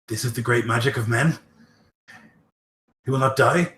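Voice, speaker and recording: A man's voice: medium pitch, normal speed, a bit bright, echoey room, a little hiss or hum, natural voice. A man voicing a stranded, distrustful male orc warrior who speaks in blunt, clipped sentences. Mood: bitter.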